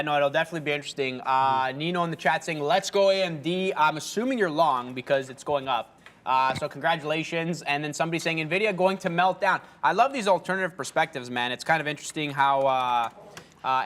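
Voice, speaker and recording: His voice sits on the high side with a bit of brightness as he co-hosts a studio livestream on day trading. The market talk is loose and meandering, packed with fillers that make him trail off.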